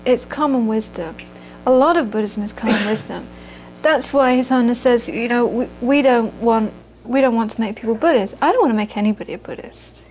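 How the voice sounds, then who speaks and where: A woman's voice: a little high, a little fast, a little mellow, a little hiss or hum. A British woman, a Buddhist teacher, giving a dharma talk to a live audience, earnest and repeating phrases for emphasis, with frequent laughter.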